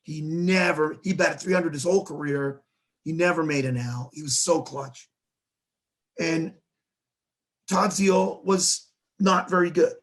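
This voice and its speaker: A man hosting a casual sports talk show, telling stories in an animated way and acting out quoted dialogue. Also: on the high side, a little slow, long pauses. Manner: animated storyteller who acts out quoted dialogue.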